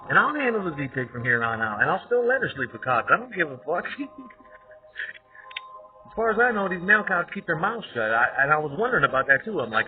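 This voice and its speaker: A man's voice: fairly high pitch, very animated, brisk, soft background music. A man in an aggressive, profane, rambling rant, talking straight at his listener. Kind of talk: ranting monologue. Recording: tinny phone-like audio.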